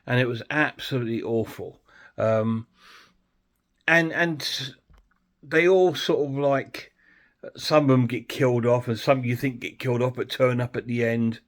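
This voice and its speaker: A man's voice: mid-range voice, measured pace. A man chatting bluntly and ramblingly as he reviews a film for his channel. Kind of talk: casual film review vlog.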